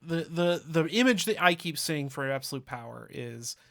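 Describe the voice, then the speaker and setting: A man co-hosting a comics podcast, chiming in with quick agreement and hesitant restarts. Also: on the high side, lively intonation, creaky, a bit bright. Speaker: podcast co-host. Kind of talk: casual chat.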